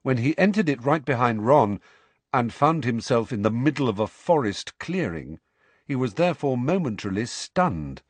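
Man reading a story, lively and dry. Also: medium pitch, normal speed, husky, no room sound. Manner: expressive, varied storytelling. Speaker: audiobook narrator. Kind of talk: scripted narration.

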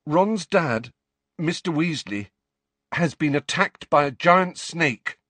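A man's voice: on the high side, animated, slow pace, a bit bright, no echo, voice pushed up, full character voice. A man voicing a frightened, impatient teenage boy wizard who speaks urgently and emphatically.

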